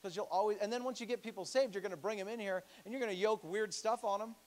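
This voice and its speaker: A male pastor preaching a sermon in a church, animated and joking, acting out the voices he quotes. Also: high voice, fast talker.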